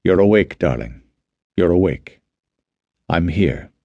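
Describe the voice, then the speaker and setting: A man doing a soft-spoken tender husband. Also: deep voice, animated, slow, creaky, no room sound, highs cut off, exaggerated voice. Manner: soft, gentle, soothing. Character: tender protective young husband, calm.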